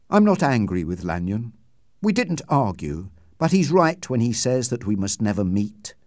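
A tormented doctor pleads to be left alone, as a man reads his letter aloud. The voice moves widely in pitch. The sound is dry and close. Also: a little mellow, dry recording. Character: tormented secretive male doctor writing a letter.

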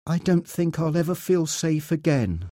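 A man putting on a frightened mother from a read-aloud story, voiced higher than his narration and rising and falling often. She sounds anxious and tender, in a dry, close recording. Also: very animated, unhurried, mellow, no room sound. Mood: worried. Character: worried mother, adult woman, loving.

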